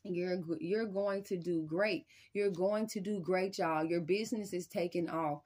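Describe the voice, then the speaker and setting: A woman with a fairly low voice delivers a spiritual reading straight to her viewers. Her talk is casual and slangy, full of repeated assurances, and it jumps into sudden loud, high-pitched outbursts. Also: unhurried, breathy edge. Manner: emphatic, repeats "y'all" and "I'm telling you". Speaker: tarot reader.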